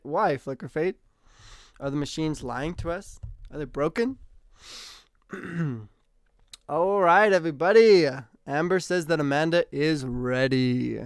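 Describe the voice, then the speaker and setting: Chatty male streamer host, casual talk to his viewers, smooth, resonant voice, slightly high. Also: dry recording, studio quality. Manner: chatty, animated, reads out and answers comments. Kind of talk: casual livestream chat with viewers.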